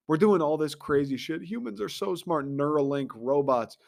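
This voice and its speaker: A man's voice: a little high, normal speed, gravelly. A man hosting a show, delivering a profane, sarcastic comedic rant in an exasperated tone. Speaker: podcast host.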